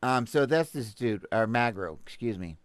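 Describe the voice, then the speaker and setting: A Texan podcast host with a medium-pitched, expressive voice reads a news article aloud at a moderate pace on a dry recording. He adds sarcastic asides and stumbles into restarts along the way.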